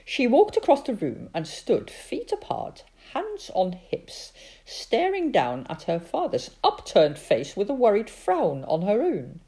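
A woman reading a children's story aloud, expressive and dramatic, with hushed asides. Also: on the high side, unhurried, few pauses.

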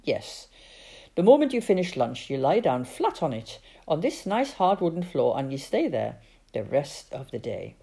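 A woman doing a brisk, no-nonsense doctor. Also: low-pitched, sing-song, gravelly, dark tone, slightly rough, heavily acted.

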